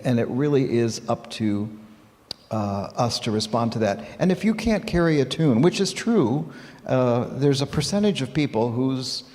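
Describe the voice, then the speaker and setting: A man leading church music, speaking in a middle-pitched voice with a long hall reverb around him. He talks animatedly and encouragingly in a dialogue sermon, demonstrating points as he goes. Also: darkish tone. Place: church sanctuary.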